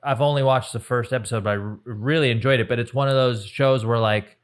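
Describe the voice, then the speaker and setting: A man co-hosting a podcast, talking in a relaxed, rambling way with plenty of filler words. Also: mid-range voice, fast talker. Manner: relaxed, rambling, lots of "like" and "you know". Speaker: podcast co-host. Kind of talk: casual chat.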